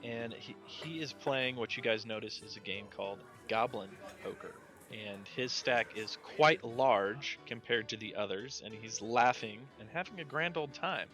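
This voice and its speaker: A man narrating as game master in a tabletop role-playing game, with a relaxed, rambling delivery. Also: mid-range voice, moderate pace, few pauses, soft background music.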